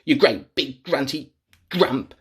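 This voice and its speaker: A man voicing a small, cheeky male troll in a bright, sing-song storybook voice. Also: medium pitch, slow pace, breathy edge, exaggerated voice. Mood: indignant.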